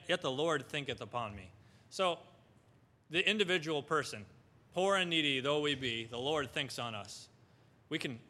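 A man's voice: on the high side, pushed and bright, in a large hall. A man preaching a sermon, reading scripture aloud in old wording and asking the listeners questions.

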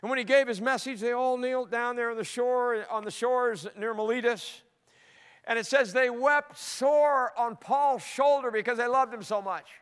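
A middle-aged male pastor preaching a sermon, swinging between loud emphatic peaks and soft low asides. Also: smooth. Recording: long hall reverb.

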